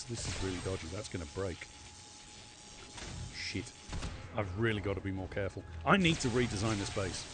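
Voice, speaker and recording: A man streaming a game live, chatting to his viewers, swearing freely and swinging between calm muttering and loud excitement. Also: low-pitched, moderate pace, long pauses, noisy background. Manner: excitable, swears often, chats to viewers while playing. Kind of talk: live gameplay commentary.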